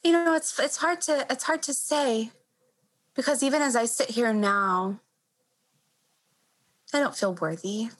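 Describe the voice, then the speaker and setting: Earnest, halting woman doctor, high voice. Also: rough recording. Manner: earnest, halting, repeats words while thinking. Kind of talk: reflective interview answer.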